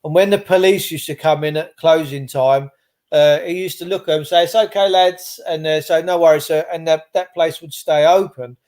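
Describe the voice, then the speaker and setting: A man's voice: fairly high pitch, fairly even intonation, moderate pace, darkish tone. A man, hosting a casual chat and telling rambling stories. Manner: rambling storyteller, swears casually. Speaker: host.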